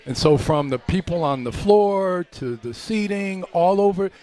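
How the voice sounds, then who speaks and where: A middle-aged man, a former pro basketball player, telling long anecdotes as a guest on a live radio show, relaxed and acting out the voices of people in his stories. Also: sits high, a little slow. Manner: relaxed anecdotal storyteller, acts out quoted voices. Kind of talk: storytelling in a live radio chat.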